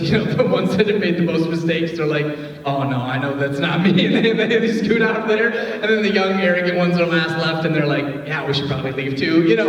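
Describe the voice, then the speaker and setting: A youth pastor from Detroit giving a casual, joking sermon, chatty and full of filler words. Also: male voice, high-pitched. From Detroit, USA. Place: church hall. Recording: echoey hall, voice from far off, faint noise.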